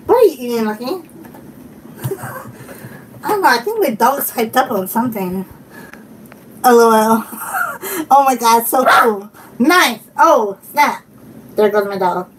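Giggly woman live-streaming with high, lively voice. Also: a little slow, long pauses. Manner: giggly, exclaims often, chats to viewers and her dog. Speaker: channel host. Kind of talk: casual live-stream unboxing chat. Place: home. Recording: from a bit far off the mic, faint room noise.

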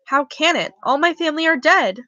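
A woman's voice: sits high, expressive, fairly quick, sharp tone, dry recording, lo-fi sound. A woman reading as a longing orphan boy. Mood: insistent. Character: quiet orphan boy, eleven, longing and earnest. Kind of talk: amateur audiobook reading.

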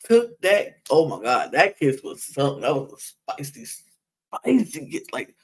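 A woman's voice: deep voice, sing-song, a little slow, husky. A woman hosting a podcast, giving a casual gossipy recap of a reality show, chatty and laughing often. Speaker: podcast host.

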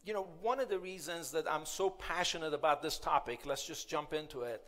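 A man's voice: on the high side, a little fast, pushed and bright. A man giving a conversational, playful motivational keynote at a conference, often asking the audience questions. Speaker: keynote speaker.

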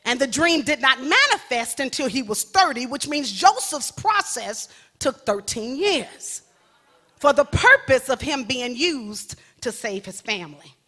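A woman's voice: high voice, big pitch swings, a little slow, pushed and bright. A woman evangelist preaching a sermon, rising to emphatic peaks and dropping into playful asides to the congregation.

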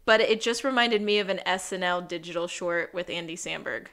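A woman's voice: lowish voice, a little fast, a bit bright. A woman co-hosting a podcast, animatedly retelling an episode in casual chat and laughing often. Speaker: podcast co-host.

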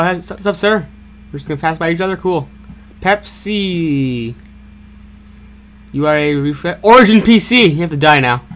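A young man hosting a gaming channel, giving excitable, jokey play-by-play commentary with stammered repeats and sudden yelps. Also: fairly high pitch, a little hiss or hum. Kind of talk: casual gameplay commentary.

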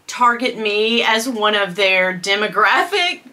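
A woman, chatting excitedly to viewers in a fashion haul video, gasping and squealing with delight. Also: medium pitch, unhurried. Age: 50s. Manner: gushing, squeals and gasps with delight, talks to viewers as girl and y'all. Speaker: beauty and fashion vlogger.

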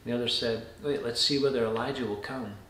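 After reading aloud from scripture, a pastor offers a measured devotional reflection, his male voice steady in tone and often sinking soft and low. The recording sounds roomy, with a little hiss or hum.

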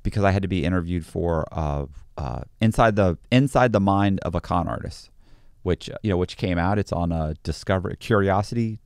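A man's voice: sits low, fairly quick, gravelly, clear, resonant tone, no room sound, clean studio sound. A man talking as a podcast guest, telling stories in a casual, rambling way with lots of restarts and fillers. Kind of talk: casual storytelling.

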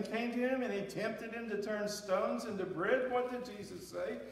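A man's voice: very high-pitched, normal speed, few pauses. A man preaching a sermon as pastor, rising and dropping for emphasis as he reads and explains scripture. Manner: preaching with emphatic rises and drops. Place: church sanctuary. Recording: echoey hall, voice from far off.

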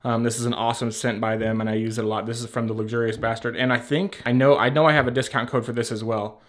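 A man talks casually into a camera he holds at arm's length, rambling from one product to the next. His voice sits at an ordinary middle pitch, loose and chatty, with casual swearing and easy laughs. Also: level tone, fast. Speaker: beard care vlogger. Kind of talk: casual product show-and-tell. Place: at home by a shelf. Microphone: handheld camera at arm's length.

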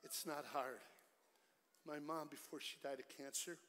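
A middle-aged man giving a lively, joking evangelistic sermon at a church concert, swinging from loud storytelling to hushed pleading. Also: a little high, a little slow. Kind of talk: energetic evangelistic sermon with jokes. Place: large church concert hall. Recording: live church hall with long reverb.

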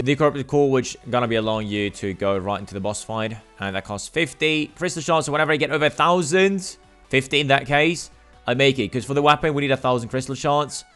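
Man doing gameplay commentary, smooth clear voice, excitable, faint music behind. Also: medium pitch. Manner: excitable, swears when frustrated. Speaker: gameplay streamer.

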